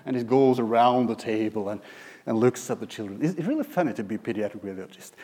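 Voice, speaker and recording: A man who is a pediatric radiologist, giving a lecture with anecdotes in a halting way with many restarts. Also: medium pitch, background noise. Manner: halting, many fillers and restarts, chuckling asides.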